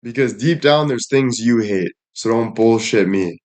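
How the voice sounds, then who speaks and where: A man's voice: mid-range voice, measured pace, darkish tone. A young man ranting bluntly at his viewers with heavy swearing and repeated catchphrases. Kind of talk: profane rant to viewers.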